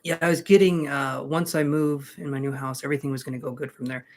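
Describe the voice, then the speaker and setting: A man's voice: medium pitch, fairly even intonation, fast talker. A man giving tarot readings on a live stream, chatting casually with viewers in a jokey, reassuring way. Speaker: tarot reader.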